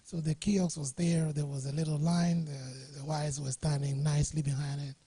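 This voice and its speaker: Chuckling frequently, a middle-aged man from Ghana tells cheerful stories as a guest speaker at a workshop, in a studio or workshop room. His fairly high voice is warm with a breathy edge, delivered flatly at a moderate pace.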